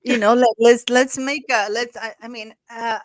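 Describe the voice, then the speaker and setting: A woman's voice: a little high, steady tone, moderate pace, dry recording. A woman co-hosting a live stream in casual chat. She thanks viewers often and laughs easily.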